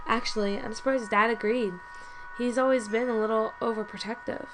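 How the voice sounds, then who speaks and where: A woman reading a story game aloud for her viewers, slipping in chatty asides between the lines. She trips over words and fixes them on the fly, in a voice that sits a little high. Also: fairly quick, noisy background. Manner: lively, chatty, stumbles and corrects herself. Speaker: let's play host.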